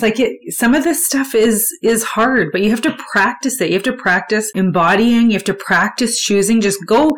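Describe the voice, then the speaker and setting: A woman hosting a solo motivational podcast, talking candidly and conversationally and swearing freely. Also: mid-range voice. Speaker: podcast host.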